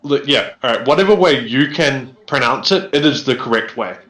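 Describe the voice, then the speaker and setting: A man with a New Zealand accent chats and jokes easily as a player in a tabletop game. His voice is bright and swings up and down a lot, caught in an echoey room. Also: medium pitch, animated, normal speed. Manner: easygoing, laughs often. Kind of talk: casual tabletop game banter.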